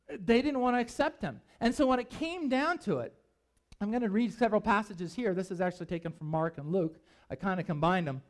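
Animated preacher, high and lively. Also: male voice, fairly quick. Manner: animated, emphatic, conversational asides. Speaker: pastor. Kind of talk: sermon.

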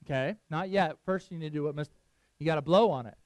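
A man's voice: a little high, fast talker, darkish tone, dry recording. A middle-aged man preaching a casual sermon, chatting with his listeners, asking them questions and laughing often. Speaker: pastor.

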